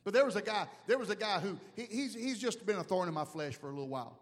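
Pastor, man, high lively voice, humorous preaching that swells to shouts, in a reverberant hall. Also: fast talker. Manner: animated, humorous, shouting at peaks. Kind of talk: sermon.

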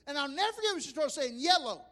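High-voiced preacher in a hall. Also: male voice, sing-song, fast, pushed and bright. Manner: folksy, impassioned preaching with humor. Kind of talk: sermon.

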